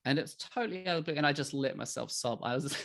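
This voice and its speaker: A middle-aged man, a podcast guest telling emotional stories in a candid, animated way. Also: a little high, quick pace, gravelly. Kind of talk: candid conversational interview.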